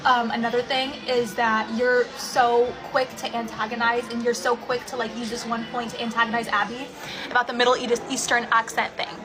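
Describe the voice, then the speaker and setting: A woman's voice: on the high side, level tone, fairly quick, music in the background, rough recording. A woman co-hosting a drama commentary, sassy, blunt and exasperated. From Egyptian family. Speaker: co-host.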